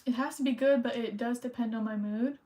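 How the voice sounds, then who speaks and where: A woman's voice: on the high side, steady tone, brisk, mellow. A young woman streaming as she decorates cards, chatting casually and thinking aloud while she colors. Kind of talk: casual chat while crafting.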